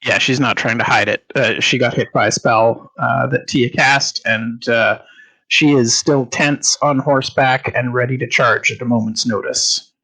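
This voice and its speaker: Slow, halting man running a game. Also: medium pitch, fairly even intonation, pushed and bright, husky, poor audio. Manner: halting, many fillers. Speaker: game master. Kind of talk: narrating a tabletop game.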